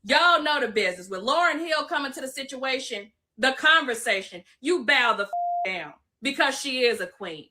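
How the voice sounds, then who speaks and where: Woman in a social video clip, fairly high and bright, emphatic and profane, lectures her audience. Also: lively intonation, normal speed. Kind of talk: online video rant.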